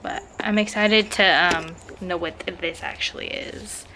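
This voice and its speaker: A woman's voice: lowish voice, steady tone, unhurried, pushed and bright, slight background noise. Chatty young woman unboxing beauty products. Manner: chatty, addressing viewers as guys. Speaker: beauty vlogger.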